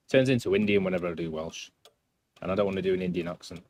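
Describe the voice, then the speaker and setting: A man's voice: low voice, quick pace, darkish tone, a little hiss or hum. A man doing casual gameplay commentary on a live stream, rambling and self-deprecating as he chats.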